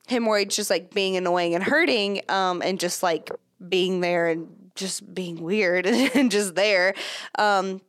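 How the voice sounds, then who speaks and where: Young pregnant woman podcasting, chatty and candid, mid pitch, super dry mic. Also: clean tone, no echo. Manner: chatty, candid, many fillers and laughs. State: pregnant, third trimester. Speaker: podcast host. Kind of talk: casual chat.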